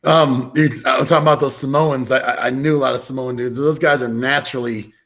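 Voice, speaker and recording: A male podcast host with a gravelly voice full of vocal fry, sitting at a mid pitch. He talks casually and hesitantly, often pausing on ums and likes. He sounds like he is chatting with his guest. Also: steady tone, a bit bright. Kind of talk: casual interview chat.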